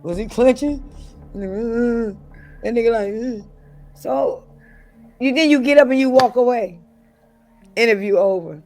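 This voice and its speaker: A woman's voice: a little high, unhurried, pauses often, dark tone, faint music behind. A middle-aged woman as an interview guest, talking bluntly and profanely, with mocking impressions of other people. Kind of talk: casual interview talk.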